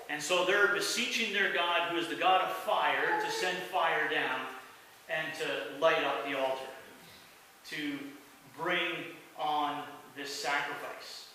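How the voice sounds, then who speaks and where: A male pastor delivers a storytelling sermon at an unhurried, deliberate pace. His voice sits a little high and sounds bright. The recording comes from a distance in a very echoey church, with a faint hiss underneath. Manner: storytelling, acts out quoted lines with sudden rises. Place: church sanctuary.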